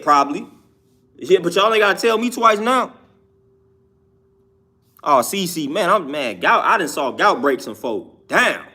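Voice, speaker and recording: In a casual monologue on diet, a young man who talks about vegan health speaks with emphasis, using slang and repeating himself. His voice is fairly high and sharp.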